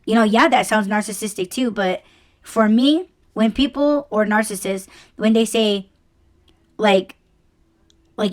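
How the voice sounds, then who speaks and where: A woman's voice: mid-range voice, normal speed. A woman hosting a solo podcast, talking bluntly and casually, swearing freely and using lots of fillers. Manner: conversational, with fillers like "like" and "you know". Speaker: podcast host.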